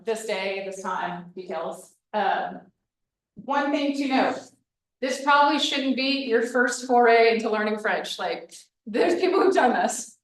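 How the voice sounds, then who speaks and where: Chatty woman presenter in an echoey room. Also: fairly high pitch. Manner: chatty, animated, acts out quoted reactions. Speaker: workshop presenter. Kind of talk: casual workshop talk. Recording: echoey room, mic from far off.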